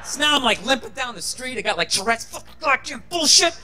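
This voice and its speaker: Male stand-up comic, high and piercing, sarcastic profane rant on a live stage. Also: big pitch swings, a little fast, sharp tone, slight background noise. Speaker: stand-up comedian. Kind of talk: stand-up comedy set. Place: comedy stage before a live audience.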